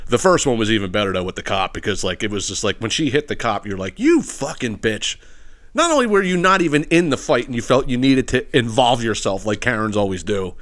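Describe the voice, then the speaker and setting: This male podcast host talks quickly with few pauses, his mid-range voice animated and fairly bright. He rants casually and profanely through his stories, using lots of filler and laughing at his own jokes.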